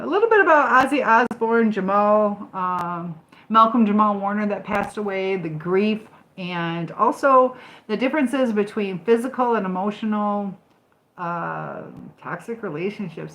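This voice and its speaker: A woman's voice: medium pitch, fairly bright tone, rough recording. An older woman from Michigan hosting a casual livestream, chatting and answering viewer comments with frequent ums. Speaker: livestream host. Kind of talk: casual live chat reading comments.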